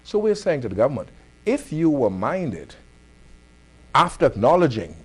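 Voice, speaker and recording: A man with a Bahamian accent hosting a community affairs talk show, laying out his case in a firm, deliberate way. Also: a little high, sing-song, slightly rough. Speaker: host.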